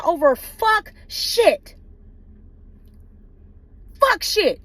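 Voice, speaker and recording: A woman's voice: extremely high pitch, big pitch swings, moderate pace, fairly bright tone, dry recording. A woman ranting passionately in her car, swearing freely and firing off rhetorical questions. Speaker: vlogger ranting on legal news. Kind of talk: impassioned rant.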